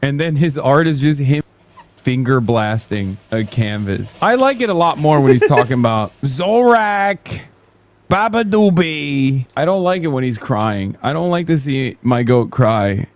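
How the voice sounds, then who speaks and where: A man's voice: medium pitch, expressive, measured pace. A man hosting a live stream, reacting to clips with casual, sarcastic, mocking commentary and swearing.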